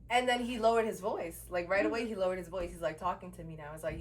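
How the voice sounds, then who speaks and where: A woman's voice: lowish voice, quick pace, distant mic. A woman co-hosting a podcast, casually telling a story and acting out the people in it, swearing freely. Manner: animated storytelling, acts out the people she quotes. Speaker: podcast co-host. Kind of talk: casual chat.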